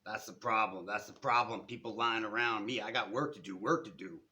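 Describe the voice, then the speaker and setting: A man reading aloud and voicing a towering, eccentric male street scavenger with a raspy foghorn drawl who scolds loudly. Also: on the low side, a little fast. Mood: scolding. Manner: loud and scolding.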